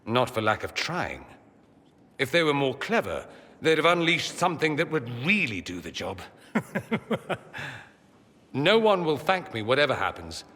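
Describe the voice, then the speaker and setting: A man's voice: mid-range voice, sing-song, sharp tone, long reverb tail. An actor playing a witty, sardonic male mage in a video game, teasing and dramatic in tone. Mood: wry. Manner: quick-witted, teasing, dramatic swings in tone.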